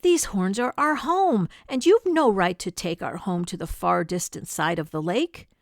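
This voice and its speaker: A woman's voice: mid-range voice, measured pace, no room sound, studio quality, natural voice. A woman voicing a crowd of selfish animal guests in a storybook, screaming their protests. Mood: indignant.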